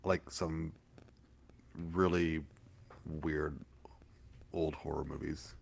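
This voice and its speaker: A man with a very low, gravelly voice chats on a podcast. He sounds laid-back and trails off, and a faint hiss sits under his voice. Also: fairly even intonation, extremely slow. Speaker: podcast co-host. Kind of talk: casual chat.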